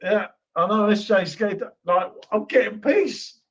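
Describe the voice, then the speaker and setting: A man's voice: high-pitched, animated, measured pace, fairly bright tone, breathy edge. A young man hosting a casual live stream, teasing his guests in a dry way. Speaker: stream host. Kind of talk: casual banter.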